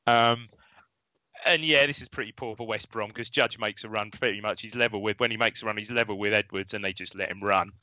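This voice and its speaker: A man's voice: on the low side, steady tone, brisk, sharp tone, no room sound, lo-fi sound. A man co-hosting a football podcast, casually breaking down a goal with frequent laughs and restarts. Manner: chatty, laughs often, restarts sentences. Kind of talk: casual match analysis chat.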